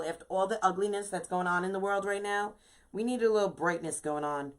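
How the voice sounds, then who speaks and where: A woman's voice: medium pitch, a little fast, rough recording. A woman with a New York accent hosting a casual live craft tutorial, chatting with viewers and dotting her talk with "you know". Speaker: craft shop owner hosting a live wreath-making stream.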